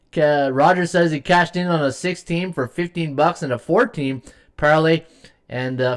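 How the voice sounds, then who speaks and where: A middle-aged man hosts a live sports betting podcast, rambling with many fillers and reading viewer comments aloud. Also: on the high side. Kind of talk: casual live-stream chat.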